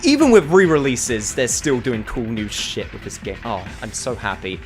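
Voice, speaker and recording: A man streaming a game demo, talking casually and excitedly as he plays. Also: faint music behind. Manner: excitable, enthusiastic, quick shifts in pitch. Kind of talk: casual gameplay commentary.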